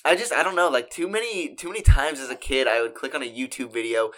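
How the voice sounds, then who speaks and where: Podcast guest guy, kinda halting, lots of like and false starts. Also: mid-range voice, fairly bright tone. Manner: hesitant, many restarts and fillers. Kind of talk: casual chat.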